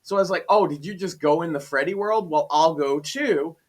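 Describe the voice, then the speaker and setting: A man's voice: on the high side, fairly quick. A man on a podcast, casually retelling a gaming story and acting out his own lines. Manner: animated retelling, acts out his own quotes. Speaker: podcast guest.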